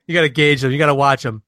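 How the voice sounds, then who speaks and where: A man's voice: fairly high pitch, no echo, clean studio sound. A man in his forties, co-hosting a casual chat and telling stories with lots of swearing and laughter. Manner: animated storyteller, swears freely, laughs often. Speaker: podcast co-host.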